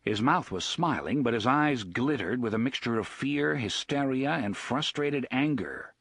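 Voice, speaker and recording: Man reading an audiobook, husky voice, lively pitch, dry close mic. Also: a little slow, dry recording. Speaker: audiobook narrator. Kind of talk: scripted narration.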